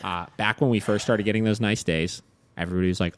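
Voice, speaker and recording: A man hosting a casual podcast chat, telling stories with animated acted-out quotes. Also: on the low side, quick pace, no echo. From Ohio, USA. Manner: animated storyteller, acts out quotes. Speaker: podcast host, dog trainer.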